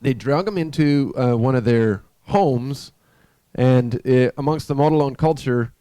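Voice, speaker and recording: Dark-voiced man telling a sermon story. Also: medium pitch, clean tone, no room sound. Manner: conversational, halting with restarts. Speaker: preacher. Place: church.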